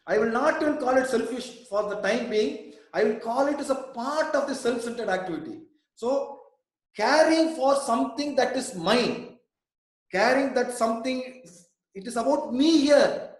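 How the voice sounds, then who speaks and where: A man's voice: very high voice, expressive, normal speed. A man leading a reflective group discussion on an online call, posing probing questions and repeating words for emphasis. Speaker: mindfulness centre founder leading discussion. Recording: heavy echo on an online call.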